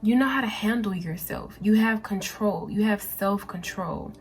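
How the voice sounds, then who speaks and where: A woman's voice: medium pitch, normal speed, soft background music. A woman doing a pick-a-card tarot reading in a mid-range voice. She talks casually and speaks straight to her viewers, often repeating and restarting her phrases. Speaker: tarot reader.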